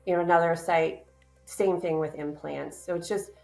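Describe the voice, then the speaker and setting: A woman's voice: fairly low pitch, steady tone, normal speed, creaky, a little mellow, soft background music. A woman answering interview questions as a company business director, earnest and upbeat, with frequent fillers.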